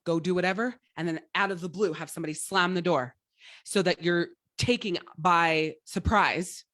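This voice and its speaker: A woman's voice: fairly low pitch, normal speed, fairly bright tone, no echo, studio quality. A woman life coach giving a motivational livestream talk, blunt and profane, rambling with frequent restarts.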